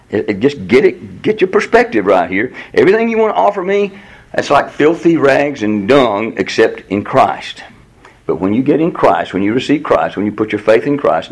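A man teaching a Bible study in a lively, conversational way, often leaping high in pitch to voice God's replies. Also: breathy edge. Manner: animated, jumps to a high voice when quoting God. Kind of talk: Bible teaching with class discussion.

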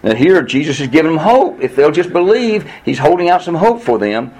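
A man's voice: on the high side, sing-song, a little fast, darkish tone, husky, rough recording. A man teaching verse by verse through a Bible passage in a conversational way, reading the verses aloud and then explaining them. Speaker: pastor teaching a Bible study.

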